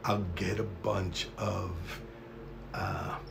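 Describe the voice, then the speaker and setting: A man's voice: low-pitched, flat delivery, drawn-out words, gravelly, background noise. A man hosting a live stream, rambling in a profane, conspiratorial monologue to his chat.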